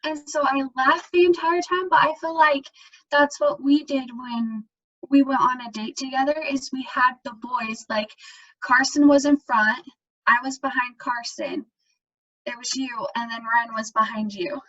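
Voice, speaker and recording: A woman's voice: sits high, steady tone, a little slow, fairly bright tone. A young woman co-hosting a casual chat, jokey and giggling often. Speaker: podcast co-host. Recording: dull lo-fi recording.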